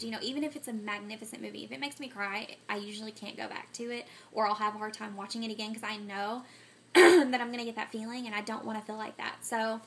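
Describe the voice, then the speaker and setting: A woman's voice: on the high side, fairly bright tone, a little hiss or hum. A woman vlogging casually to camera, scatterbrained and full of ums and self-corrections, getting sick and coughing. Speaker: vlogger answering a movie tag.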